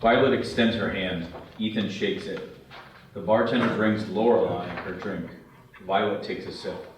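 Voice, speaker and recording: Deep-voiced man reading scene directions. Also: steady tone, a little slow. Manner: plain, matter-of-fact reading. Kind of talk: script read-through narration. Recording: very echoey, distant, faint hiss.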